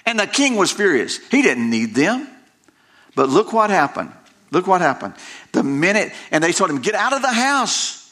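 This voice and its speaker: A man's voice: on the high side, sing-song, normal speed, fairly bright tone. A middle-aged male pastor preaching a sermon, emphatic and folksy, repeating phrases and breaking into conversational asides.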